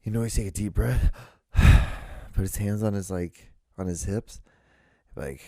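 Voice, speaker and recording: Low, gravelly-voiced man rambling on a podcast. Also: a little slow, dark tone, dry recording, studio quality. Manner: rambling and profane, full of fillers. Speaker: podcast host. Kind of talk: casual solo podcast monologue.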